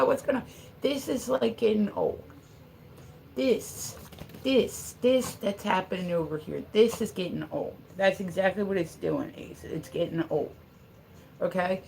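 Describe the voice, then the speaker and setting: A woman's voice: medium pitch, creaky, a little mellow, a little hiss or hum. A woman chatting casually on a live stream from her home studio, exasperated and scolding, swearing casually. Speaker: livestreamer.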